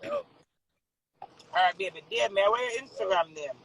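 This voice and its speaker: A woman hosting a live stream, relaxed, playful and chatty. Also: mid-range voice, moderate pace, a little hiss or hum, rough recording. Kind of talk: casual live stream chat.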